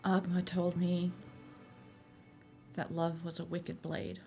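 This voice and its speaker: A woman playing a tabletop role-playing game, speaking slowly and reflectively in character. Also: lowish voice, completely flat delivery, warm tone. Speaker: player. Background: faint music.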